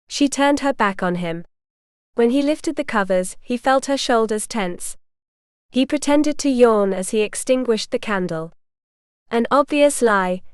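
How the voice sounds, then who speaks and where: A woman narrating a romance audiobook in a measured, even storytelling manner. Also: a little high, clean tone, no room sound, clean studio sound. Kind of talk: scripted narration.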